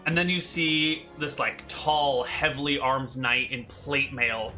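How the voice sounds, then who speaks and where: Very bright-voiced male game master. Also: mid-range voice, steady tone, slow pace, soft background music. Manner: casual, rambling narration with filler words. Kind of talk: narrating a tabletop game.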